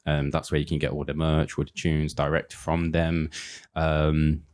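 A man's voice: extremely low pitch, monotone, a little slow, a little mellow. A man co-hosting a podcast in casual chat, laid-back, swearing casually and laughing often. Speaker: podcast co-host.

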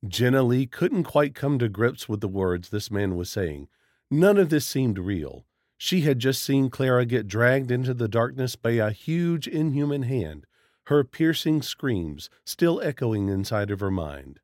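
A man's voice: mid-range voice, measured pace, no echo. Man narrating a horror story, dry close sound. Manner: steady, dramatic storytelling.

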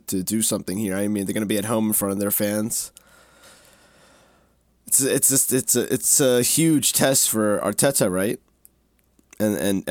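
A man co-hosting a casual football podcast in a fairly low voice, rambling eagerly and restarting his sentences. The recording is dry and close, with no room echo. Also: darkish tone. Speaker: podcast co-host.

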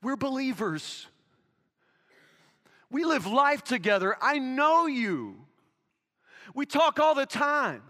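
A man's voice: extremely high pitch, big pitch swings, takes it slowly, long pauses, sharp tone, long reverb tail. A man pastor preaching a sermon, telling a story and then pressing his point with emphatic questions. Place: church sanctuary.

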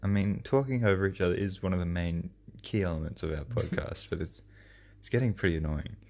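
A man in his thirties with a very deep, gravelly voice chats loosely as a podcast co-host. He keeps things dry and joking and often talks over his partner. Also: a little fast, darkish tone. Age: 30s. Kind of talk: casual podcast chat.

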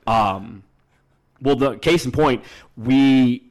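A young man co-hosting a podcast, telling stories in a casual, animated way, acting out the people he quotes and swearing freely. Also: medium pitch, very slow. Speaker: podcast co-host. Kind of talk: casual storytelling chat.

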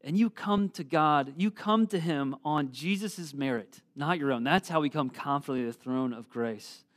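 Middle-aged male preacher, earnest sermon delivery, voice pitched a bit high, scripture read with swelling emphasis. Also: normal speed. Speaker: pastor.

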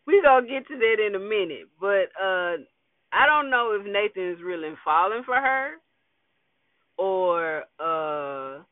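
A man's voice: sits high, dry recording. Slangy man recapping over tinny audio. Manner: slangy, laid-back, wry, with fillers and asides. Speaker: TV episode recapper. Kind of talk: casual recap commentary. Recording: dry tinny phone-like audio.

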